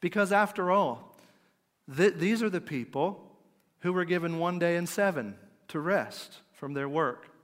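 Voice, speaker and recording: Middle-aged male preacher, conversational sermon, slightly high voice, long hall reverb. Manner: conversational, asks the audience questions; drops to a quiet, slow voice for emphasis.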